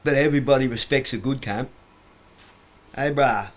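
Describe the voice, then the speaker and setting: A man's voice: medium pitch, moderate pace. A man talking in a blunt, profane, rambling monologue from his couch at home, breaking into laughs now and then. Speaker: vlogger.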